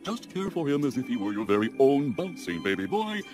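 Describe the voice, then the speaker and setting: A man voicing a calm, pompous male fish doctor in a cartoon with a formal bedside manner. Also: mid-range voice, fairly quick, over music, natural voice. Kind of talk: cartoon voice acting.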